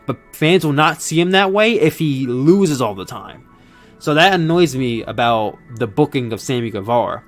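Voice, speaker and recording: A young man in casual chat, recapping wrestling, excitable and rambling with frequent restarts. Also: medium pitch, moderate pace, soft background music. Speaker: podcast host reviewing wrestling.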